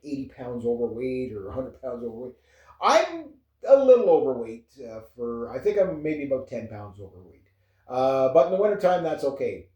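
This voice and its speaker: A warm, medium-pitched voice belongs to a Canadian vlogger in his fifties. He chats casually to camera with a relaxed, rambling manner and frequent chuckles, recorded in an echoey room at a distance from the mic.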